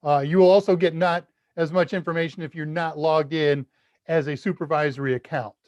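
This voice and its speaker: An American man hosts a laid-back live Q&A stream, chatting, poking fun at himself, reading viewer comments aloud, and laughing at his own jokes. His voice is fairly high and steady in tone, brisk and slightly mellow. The audio is dull, with no echo.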